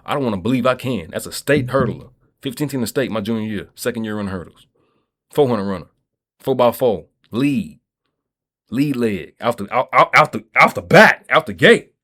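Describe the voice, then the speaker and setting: A man's voice: medium pitch, expressive, moderate pace, bright, forceful tone. A man delivering a rambling, profane vlog monologue in a streetwise way, often checking in with his listeners. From Kentucky. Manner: streetwise, profane, keeps asking "you feel me". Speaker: vlogger.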